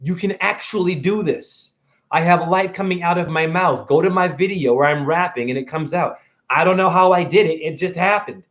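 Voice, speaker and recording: A man's voice: on the high side, normal speed, a bit bright. A man in his forties preaching and ranting to his audience on a phone livestream, combative and swearing, often firing questions at viewers. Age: 40s. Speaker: livestream host. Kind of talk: rambling livestream monologue.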